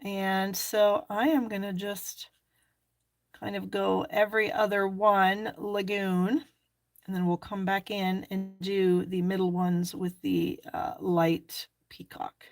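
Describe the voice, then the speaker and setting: A woman's voice: mid-range voice, level tone, takes it slowly, dry recording. A woman hosting a live stamping class, chatting and thinking aloud as she works. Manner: chatty, thinks aloud while working, fillers. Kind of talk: live craft demonstration.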